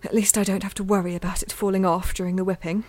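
A woman's voice: medium pitch, little pitch movement, fast talker, darkish tone, no room sound, natural voice. A woman voicing a young noblewoman's wry, clipped inner thoughts in an audiobook, recorded dry and close. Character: young noblewoman bride, proud and defiant under a public punishment. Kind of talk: audiobook character voice.

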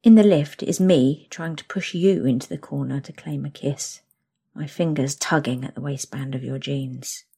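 A young woman narrating an intimate second-person story, soft and slow. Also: very deep voice, creaky, slightly rough.

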